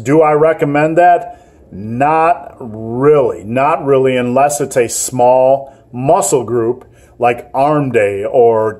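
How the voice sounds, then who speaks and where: A man's voice: mid-range voice, darkish tone. A man hosting a fitness vlog, giving gym advice in a joking, rambling, self-mocking way. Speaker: fitness channel host.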